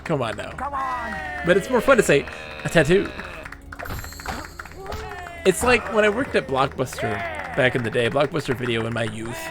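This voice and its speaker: A man's voice: mid-range voice, animated, moderate pace, pauses often. A man doing live gameplay commentary, playful and rambling, joking and laughing as he talks. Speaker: streamer. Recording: game music underneath. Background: game music.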